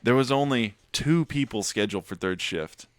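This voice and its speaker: A man's voice: medium pitch, normal speed, no room sound, studio quality. A young man co-hosting a podcast, telling a long story in casual chat and acting out the people in it with a lot of swearing. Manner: animated storyteller who acts out quotes, swears a lot. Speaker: podcast co-host.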